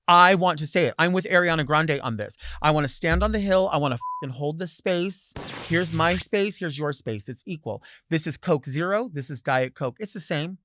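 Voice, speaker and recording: A man hosting a talk show, delivering a sassy, theatrical solo monologue with loud bursts and low asides. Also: normal speed, no room sound. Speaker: host.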